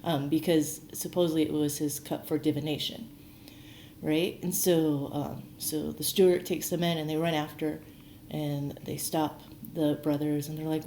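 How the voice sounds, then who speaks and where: Speaking at normal speed in a low, warm voice with little pitch movement, a woman who teaches archaeology casually recounts a Bible story. She says "like" constantly and performs the quoted lines, in a room with echo and slight noise.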